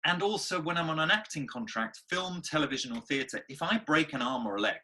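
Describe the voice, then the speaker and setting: An expressive male actor tells stories with real energy. His voice sits a touch high and rings bright and forceful, and his conversational manner is lively. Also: a little fast. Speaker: actor and guest. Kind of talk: animated conversational storytelling.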